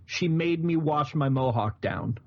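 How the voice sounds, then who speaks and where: A man's voice: on the high side, animated, a little slow. A man in his thirties co-hosting a movie podcast, telling stories in a joking way and often laughing. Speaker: podcast co-host. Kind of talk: casual chat about movies. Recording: muffled lo-fi podcast audio.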